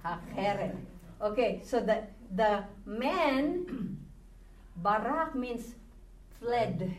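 A woman teaching a grammar class at an unhurried, deliberate pace, patiently sounding out words and coaxing students to repeat after her. She is recorded from across an echoey classroom with faint background ambience. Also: a little high, animated, a little hiss or hum. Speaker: Hebrew teacher. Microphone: recorded from a distance. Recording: echoey room, distant mic, faint ambience.

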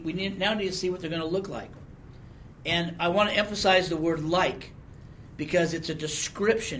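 A man preaches a Bible-teaching sermon in a slightly high, fairly bright voice, with a little hiss or hum on the recording. He talks conversationally, putting questions to the congregation and often adding "okay?"

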